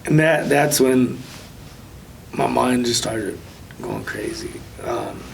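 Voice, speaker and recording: A man speaking as an interview guest, telling a personal testimony in a soft, halting way with many pauses. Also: medium pitch, animated, creaky, recorded from a distance, a little hiss or hum, poor audio.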